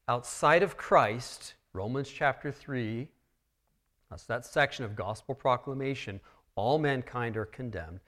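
A man preaching a sermon, walking his listeners through a text verse by verse and swinging between quiet, earnest stretches and loud, emphatic ones. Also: mid-range voice, measured pace. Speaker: pastor.

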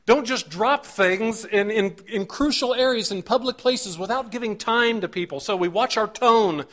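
A man's voice: high-pitched, moderate pace, few pauses, a bit bright. A middle-aged male pastor preaching a sermon in an earnest manner, acting out short examples and building emphasis as he goes.

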